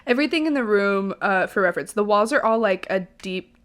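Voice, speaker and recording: A young woman co-hosting a relaxed podcast chat. She describes each scene of a music video in turn, her voice sitting at a middling pitch and stopping often for "um" and "uh". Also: brisk. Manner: narrates scene by scene with frequent fillers. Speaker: podcast co-host.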